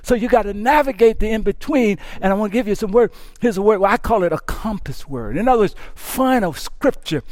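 A male pastor preaching a sermon, moving from hushed, tender lines to impassioned shouting and often repeating words as he builds up. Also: high-pitched, animated, brisk, few pauses, no echo, clean studio sound.

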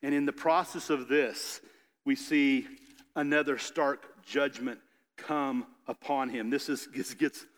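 A man preaching a sermon, reading scripture and then retelling the story in a casual, animated way with little character voices. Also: medium pitch, takes it slowly, big-room sound. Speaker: pastor.

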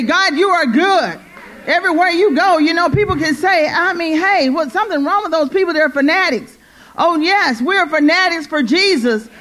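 A woman with a high-pitched, fairly bright voice preaches a church sermon during a service. She is fervent, repeats her phrases, and calls "Amen?" out to the congregation in call-and-response.

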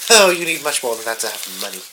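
A man's voice: mid-range voice, noisy background, natural voice. A man playing a pompous, officious male radio presenter in improvised comedy, speaking in a prim and stuffy manner. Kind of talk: improvised comedy role-play.

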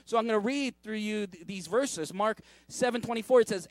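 A man preaching a sermon in a casual, conversational way, with many asides, restarts and quick questions to the congregation. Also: sits high, expressive, no room sound. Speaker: pastor.

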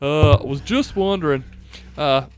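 Brief: man putting on a put-on Southern drawl, folksy country teaser, pitched up a bit. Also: measured pace, close to an everyday voice. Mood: teasing drawl. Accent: put-on American Southern.

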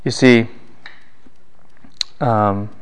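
A man lecturing a class on the Bible, animated and full of rhetorical questions. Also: mid-range voice, drawn-out words, clean tone.

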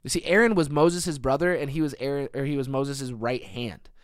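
Male pastor, 30s, sermon delivery; smooth resonant voice, emphatic rises and soft drops. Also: mid-range voice, moderate pace, no room sound, clean studio sound. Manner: earnest, builds to emphatic peaks then drops soft.

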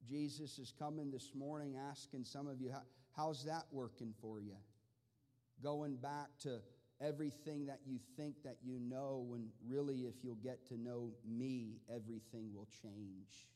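A man preaching a sermon with passion, moving from quiet, measured talk to loud, pleading outbursts. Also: medium pitch, little pitch movement. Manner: impassioned, swings from quiet to shouting. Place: large church hall. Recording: long hall reverb.

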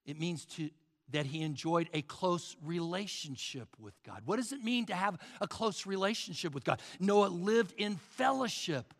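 A man preaching a sermon as pastor, swinging from loud calls down to hushed near-whispers. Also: sits high, expressive, normal speed. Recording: long hall reverb.

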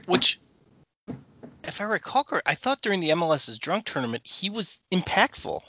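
A man's voice: high voice, big pitch swings, sharp tone, slight background noise. A man co-hosting a soccer podcast who rates players in casual chat and often stammers into his sentences. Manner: quick stammering restarts. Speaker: soccer podcast co-host giving player ratings. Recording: dry, dull lo-fi audio.

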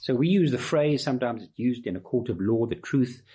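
A man delivers a sermon in a husky voice that rises and falls with lively movement. He drives his points home with emphatic, repeated phrases. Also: medium pitch, fairly quick. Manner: emphatic, rhetorical repetition. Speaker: preacher. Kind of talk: expository sermon.

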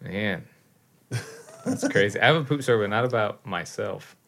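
A man's voice: fairly low pitch, lively intonation, moderate pace, a bit bright. A man casually telling a story among friends, loose and full of swearing. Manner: loose and profane, swears often.

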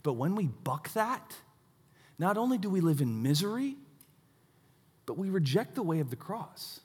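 Thirtysomething guy preaching, kinda high voice, pokes fun at himself, big hall echo. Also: normal speed, breathy edge. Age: 30s. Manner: animated storytelling with self-mocking asides. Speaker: pastor. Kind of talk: sermon.

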